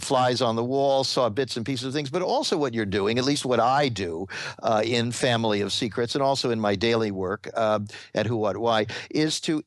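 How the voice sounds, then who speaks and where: A man who is an author, giving long answers in a radio interview, halting often with restarts and fillers. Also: mid-range voice, dry recording. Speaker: author and guest.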